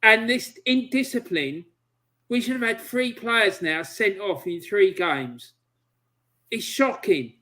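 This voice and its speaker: High, bright-voiced man on a video call; fuming, emphatic fan rant. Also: lively intonation, slow pace. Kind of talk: heated football fan rant.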